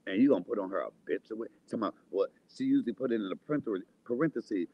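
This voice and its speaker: Brief: husky, low-voiced man, angry vlog rant, lively pitch swings. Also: racing, few pauses, dull audio. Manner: heated, insulting, swings loud and quiet. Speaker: vlogger. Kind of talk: angry profane rant to camera.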